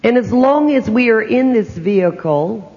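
A man's voice: sits high, animated, normal speed. An older man speaking as a psychic to an audience, telling personal stories and asking them rhetorical questions in a conversational way. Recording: dull lo-fi recording in a reverberant hall.

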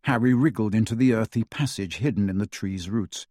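A man's voice: fairly low pitch, fairly quick, a little mellow, no room sound, clean studio sound. A man narrating an audiobook dramatically, with varied pacing.

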